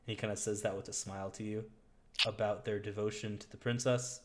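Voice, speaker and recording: Game master, man, low voice, loose rambling narration. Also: little pitch movement, fairly quick. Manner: laid-back, rambling.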